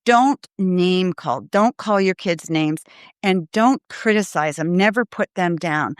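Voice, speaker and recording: A middle-aged woman with a fairly low voice hosts a parenting show. She speaks earnestly and emphatically, addressing parents directly. The sound is close and dry, with no room around it. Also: takes it slowly, smooth, no room sound. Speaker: parenting podcast host. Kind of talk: live Q&A advice talk.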